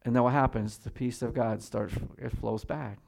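A man preaching a sermon from the pulpit, in a mid-pitched voice. He reads scripture slowly and deliberately, dropping to quiet, measured emphasis, then climbs to loud, higher-pitched exhortation. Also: steady tone, creaky. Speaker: pastor.

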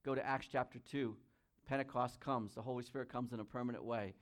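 A man preaching a sermon. He reads scripture aloud, comments on it, and swings between loud emphasis and quiet asides. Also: mid-range voice, steady tone, fairly quick. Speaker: pastor.

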